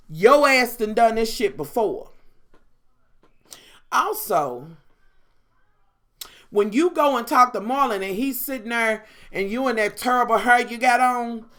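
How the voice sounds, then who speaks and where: A woman's voice: on the high side, bright, forceful tone. A woman vlogger giving a blunt, profane, sassy rant about a reality show. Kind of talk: casual rant.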